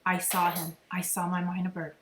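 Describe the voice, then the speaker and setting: A woman voicing an excitable little boy in a storybook reading, with an eager, insistent childish manner. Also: fairly low pitch, moderate pace, lightly acted. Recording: echoey room, faint noise.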